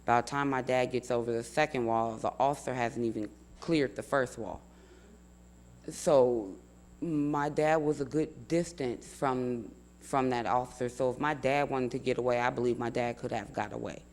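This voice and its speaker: A young man, son of the man he speaks about, recounting events step by step in an interview, earnest and measured, often repeating himself for emphasis. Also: medium pitch, steady tone. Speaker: family member telling his account.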